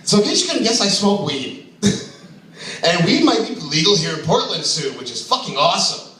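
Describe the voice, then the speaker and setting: A brash male stand-up comic with a bright, high voice that swoops up and down as he jokes, chuckling at his own lines. He is picked up from far off in a very echoey club room. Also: very animated, normal speed. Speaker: stand-up comedian. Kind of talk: open mic stand-up. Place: comedy club stage.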